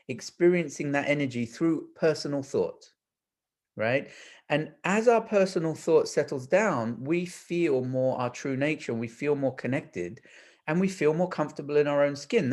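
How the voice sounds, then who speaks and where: A man with a voice of ordinary, mid-range pitch, answering as a guest in a Q&A session. He talks earnestly and reflectively, working through ideas aloud with plenty of doubled words and fresh starts. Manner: earnest, thinks aloud with frequent repeated words and restarts. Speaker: guest speaker in a Q&A. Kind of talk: reflective explanatory talk.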